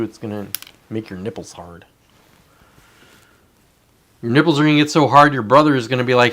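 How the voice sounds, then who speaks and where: A man's voice: medium pitch, brisk, long pauses, a bit bright. Profane, sarcastic man ranting solo. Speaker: host. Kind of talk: casual ranting monologue.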